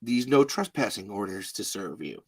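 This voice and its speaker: A man's voice: fairly low pitch, big pitch swings, moderate pace, breathy edge, dry recording, heavily acted. A man voicing a matter-of-fact male sheriff, who speaks plainly and a little apologetically in a hesitant way.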